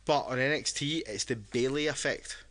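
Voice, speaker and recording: A man's voice: medium pitch, normal speed, a bit bright. Drunk man rambling on a podcast. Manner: rambling, with many restarts. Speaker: podcast co-host. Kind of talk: casual podcast chat.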